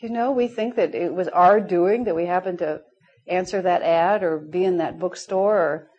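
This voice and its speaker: A woman's voice: on the low side, normal speed, breathy edge, dull audio. A middle-aged woman teaching a spiritual class, telling stories with frequent laughter. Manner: warm storytelling, laughing often. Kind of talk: spiritual class talk with anecdotes.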